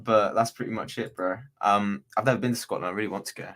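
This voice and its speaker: A man's voice: lowish voice, fairly even intonation, quick pace, a bit bright. A man from Bristol, England, chatting casually as a guest on a video call livestream, rambling and slangy with many restarts. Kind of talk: casual chat.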